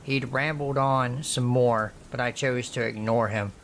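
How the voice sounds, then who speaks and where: A man slowly and soberly reading a true scary story aloud as the channel's narrator. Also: mid-range voice, fairly even intonation, a bit bright, a little hiss or hum. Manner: slow, measured, somber reading.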